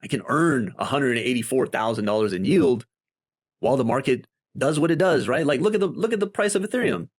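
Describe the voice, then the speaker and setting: A man explains his investing strategy on a screen-share in a lively, chatty way. His pitch swings widely as he talks, and the recording is dry and close, with no room sound. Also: a little fast, no echo. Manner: animated and conversational, with many tag questions. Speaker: crypto investing video host.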